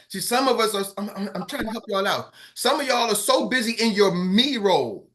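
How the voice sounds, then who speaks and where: Fired-up coach man, bright high voice. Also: animated, fairly quick, hardly any pauses. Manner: fired-up, preachy, calls out to the group. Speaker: sales coach. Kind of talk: motivational team call.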